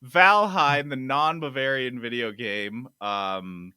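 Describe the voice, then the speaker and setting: A man hosting a casual gaming podcast, reading news with animated, loud bursts of enthusiasm. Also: medium pitch, slow pace, smooth, no echo, clean studio sound. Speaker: podcast host. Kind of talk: casual chat.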